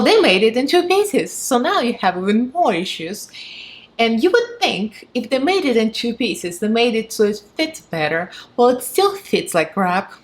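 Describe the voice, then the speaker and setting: A woman with a Russian accent giving a chatty, frank and sarcastic product review, laughing often. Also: on the high side. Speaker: beauty vlogger.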